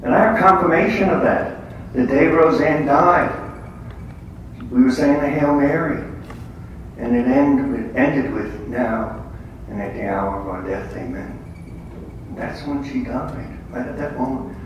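A man's voice: medium pitch, measured pace, long pauses, highs cut off. A man giving a conversational, testimony-style religious talk to a gathering, telling stories with blunt humor. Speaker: lay speaker at a faith gathering. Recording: echoey room from far off, faint noise.

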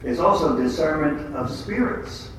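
A man's voice: a little high, lively intonation, a little slow, fairly bright tone. A man with a slightly raised voice tells faith stories in a plain, conversational way, with a streak of blunt humor. He sounds far from the mic in a very echoey room, with faint noise behind him. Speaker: lay speaker at a faith gathering. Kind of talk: testimony-style religious talk.

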